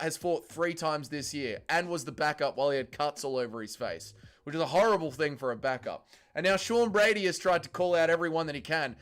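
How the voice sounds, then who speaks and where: A man with an Australian accent hosting a casual livestream, ranting in a profane, excitable way. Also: a little high. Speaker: livestream host.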